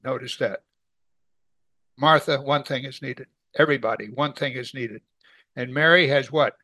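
A man's voice: medium pitch, moderate pace, bright, forceful tone, no room sound. A man teaching a weekly Bible study in a conversational way, asking his class rhetorical questions.

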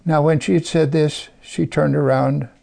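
Man, older, preacher, gravelly voice, earnest sermon, scripture reading, hushed emphasis. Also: fairly high pitch, steady tone, normal speed. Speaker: pastor.

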